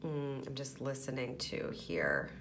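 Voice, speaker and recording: A woman's voice: extremely low pitch, big pitch swings, a little slow, fairly bright tone. A woman giving an encouraging pick-a-card tarot reading, chatting loosely and thinking aloud with fillers.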